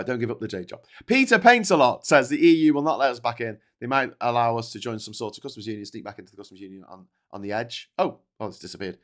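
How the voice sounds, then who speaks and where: A man's voice: mid-range voice, a bit bright. Man with a posh Scouse accent, rambling and sweary. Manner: rambling, sweary, stop-start with many restarts; reads and answers live chat messages. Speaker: political livestream host. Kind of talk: casual live-stream commentary.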